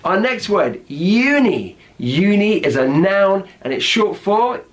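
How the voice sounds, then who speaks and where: A man's voice: sits high, very animated, slow. Upbeat British man teaching slang. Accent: British English. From Britain. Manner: upbeat, explanatory, asks "right?" often. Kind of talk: explaining slang words with examples.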